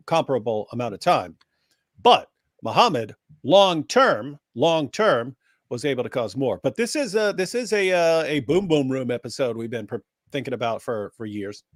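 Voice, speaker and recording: A man co-hosting a casual livestream, speaking in a measured way with a wry, bantering edge. His pitch is ordinary, neither high nor low. The recording is dry and close. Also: no room sound. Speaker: livestream co-host.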